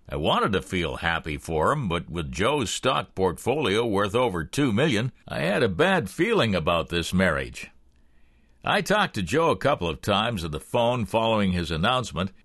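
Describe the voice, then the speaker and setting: A man narrating a thriller audiobook in the first person with expressive storytelling. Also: lowish voice, no room sound, clean studio sound.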